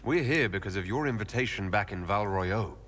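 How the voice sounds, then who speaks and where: A man's voice: lowish voice, animated, a little fast, a bit bright. A man voicing a plain-spoken hero in a video game, asking direct questions. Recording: game audio with faint ambience.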